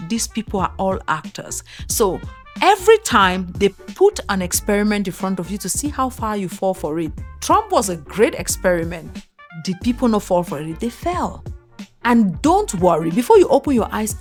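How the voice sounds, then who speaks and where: A woman talks straight to the listener in an opinionated commentary, her pitch swinging up and down as she piles on rhetorical questions. She mocks and teases, breaking into laughter often. Faint music plays behind her. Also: sing-song, moderate pace.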